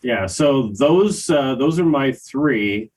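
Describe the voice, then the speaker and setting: An older man co-hosting a music review podcast, talking in a casual, hesitant way with many pauses and fillers. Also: mid-range voice, lively intonation, a little mellow, poor audio. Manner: slow, hesitant, many ums and uhs. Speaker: podcast co-host reviewing albums. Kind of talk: casual chat.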